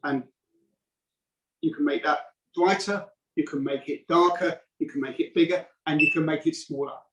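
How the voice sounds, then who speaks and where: Casual salesman, a bit higher-pitched, heard distant and echoey over a call. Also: steady tone, moderate pace, a bit bright, slight background noise. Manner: casual, rambling with restarts and fillers. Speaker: product demonstrator. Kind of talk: live video call product demo. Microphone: video call. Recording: roomy, distant video call audio.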